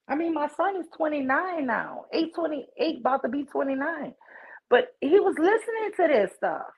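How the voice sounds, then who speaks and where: A woman in her forties, with a high, gravelly voice, appears as a livestream guest over a video call. She tells her story with outrage and emphasis in a candid conversation, and the stream audio is muffled and lo-fi.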